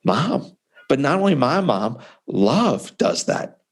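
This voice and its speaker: A man's voice: mid-range voice, sing-song, takes it slowly, breathy edge. A man in his forties, an author and speaker, telling his personal story in an interview with emphatic, conversational energy. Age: 40s.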